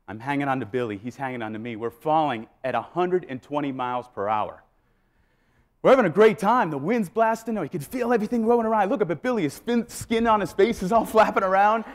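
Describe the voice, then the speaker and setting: A man giving a motivational keynote speech, telling a story with lively re-enactments to a live audience. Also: sits high, fast. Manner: animated, acts out scenes and voices. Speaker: keynote speaker. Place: live event before an audience.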